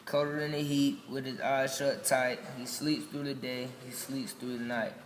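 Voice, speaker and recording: A man reading a children's picture book aloud, slow and gentle. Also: medium pitch, level tone, a little hiss or hum. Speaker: storybook reader. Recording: echoey room with long reverb.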